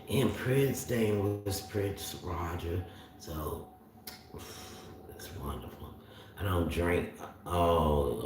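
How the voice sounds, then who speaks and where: Southern man streaming live, deep unhurried drawl, very echoey room, far from the mic. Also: background noise. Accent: Southern US (north Florida). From Florida, US. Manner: rambling, drawling, talks back to chat. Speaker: livestream host. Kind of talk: casual livestream chat reading comments.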